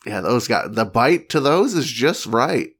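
A man's voice: medium pitch, big pitch swings, a little slow, a bit bright, slightly rough. A man co-hosting a podcast, chatting casually and reading product reviews aloud in a wry, mock-earnest way. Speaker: podcast co-host.

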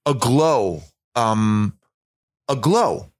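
A man's voice: medium pitch, expressive, very slow, no echo. A man in his forties, a podcast guest, chatting casually and rambling with lots of fillers and restarts while poking fun at himself. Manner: rambling, self-mocking, many fillers and restarts. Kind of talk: casual chat.

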